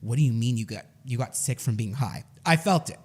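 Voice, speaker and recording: A young man co-hosting a podcast, telling a story in a casual, animated way and laughing often. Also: mid-range voice, fairly quick, a little hiss or hum. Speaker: podcast co-host.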